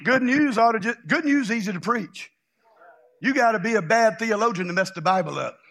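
Loud gravelly preacher from Louisiana. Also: male voice, sits high, animated, brisk, slight background noise. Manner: loud, shouting, exuberant, folksy storytelling. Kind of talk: charismatic sermon.

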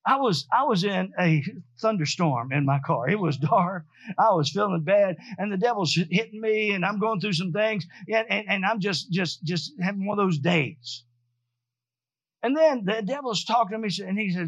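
High-voiced, emphatic preacher. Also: male voice, animated, moderate pace, a bit bright, no room sound, lo-fi sound. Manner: emphatic, repeats and restarts words. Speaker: pastor. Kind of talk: sermon.

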